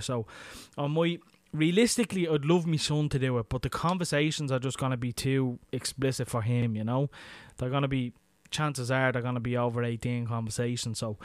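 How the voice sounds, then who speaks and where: A man's voice: fairly high pitch, dry recording, studio quality. An Irish man hosting a podcast, talking casually and crudely with lots of swearing. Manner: crude, swearing, chatty and matter-of-fact. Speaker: podcast host. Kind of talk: casual solo podcast monologue.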